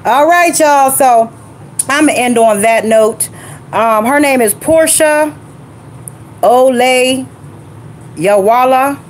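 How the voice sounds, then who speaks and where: A woman's voice: sits high, slow, long pauses, background noise. Chatty woman vlogger talking to y'all. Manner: loose, chatty, talks to viewers as y'all. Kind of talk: casual impromptu vlog chat.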